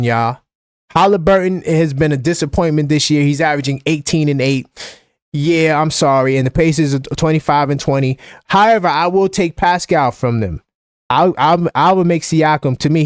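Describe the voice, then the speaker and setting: A man with a New York accent hosting a live-stream basketball chat, animated and opinionated, often repeating himself. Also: fairly high pitch, dry recording, clean studio sound. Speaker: basketball fan show host.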